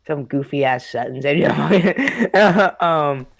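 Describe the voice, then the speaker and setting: Young man, slightly high voice, dry close sound, rambling, profane, laughing, casual storytelling. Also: lively intonation, slow, creaky, dry recording. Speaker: host.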